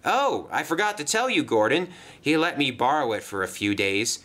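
A man voicing a cheeky prankster steam engine in a lifted, sly, quick voice. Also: medium pitch, sing-song, fairly bright tone, voice pushed up.

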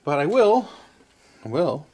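A man's voice: on the high side, sing-song, unhurried, dark tone. A man hosting an arcade repair video in his garage, talking casually with rambling, self-interrupting asides and chuckles. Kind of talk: casual hands-on repair vlog. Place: cluttered home garage.

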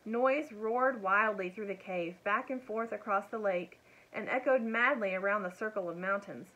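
A woman reading a children's storybook aloud in a gentle, friendly narrating voice. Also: mid-range voice, normal speed, dull audio. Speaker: children's book reader.

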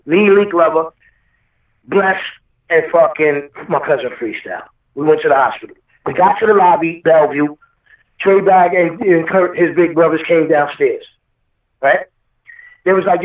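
A man's voice: on the high side, normal speed. Emotional man, over a phone line. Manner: emotional, rambling, swears often. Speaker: guest rapper. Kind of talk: storytelling interview over the phone. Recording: echoey, far-off phone line.

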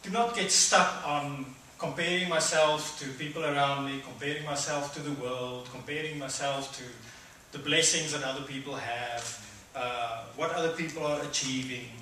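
A middle-aged man preaching a conversational sermon, acting out voices with sudden loud high bursts. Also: steady tone, moderate pace, far from the mic, slight background noise. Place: church hall. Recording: echoey hall, speaker away from mic.

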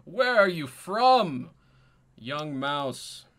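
A man's voice: on the high side, sing-song, extremely slow, fairly bright tone, voice pushed up, exaggerated voice. A man voicing a jovial male mouse king who laughs heartily and speaks grandly.

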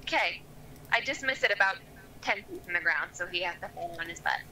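Bright-voiced decisive woman player. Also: fairly low pitch, animated, brisk, a little hiss or hum, poor audio. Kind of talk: playing a tabletop game.

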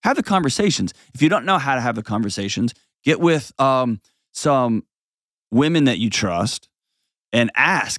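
A blunt, animated man hosts a casual advice show in his forties. His voice sits in the ordinary middle range. It is recorded close and dry in a studio, and he breaks into mocking impressions mid-thought. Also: mid-range voice, normal speed, no echo.

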